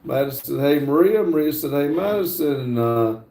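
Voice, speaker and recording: A middle-aged American man chats casually on a livestream, answering viewer comments between frequent "uh" pauses. His voice sits slightly high but sounds dark and mellow. The room gives it a roomy echo. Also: lively intonation, vocal fry, slight background noise. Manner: halting, fills pauses with frequent "uh". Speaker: livestream host.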